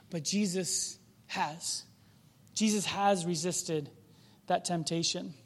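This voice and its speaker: A man's voice: high-pitched, fairly bright tone. A man preaching a sermon in a conversational, reflective way, often posing rhetorical questions to the congregation.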